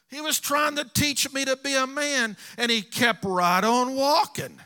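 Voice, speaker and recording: A man's voice: very high voice, fairly even intonation, unhurried, hardly any pauses, pushed and bright, clean tone. A middle-aged man preaching a sermon, telling personal stories earnestly to his congregation. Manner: storytelling, earnest, addresses congregation.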